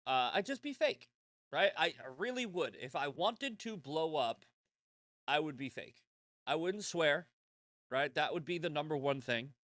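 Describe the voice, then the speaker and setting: A man's voice: fairly high pitch, expressive, measured pace, fairly bright tone, dry recording. A man hosting his own show, talking in a blunt, rambling, profane monologue full of restarts. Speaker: show host. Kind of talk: casual monologue.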